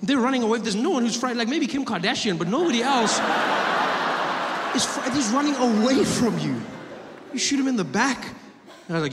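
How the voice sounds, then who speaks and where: A man performing a stand-up comedy set, telling a story with animated delivery and acting out panicked voices. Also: extremely high pitch, moderate pace, big-room sound, very noisy.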